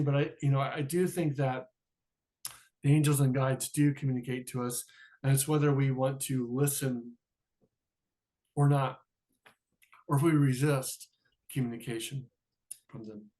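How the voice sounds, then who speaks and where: A man telling a personal story as a podcast guest, animated and acting out the dialogue. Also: mid-range voice, moderate pace, pauses often.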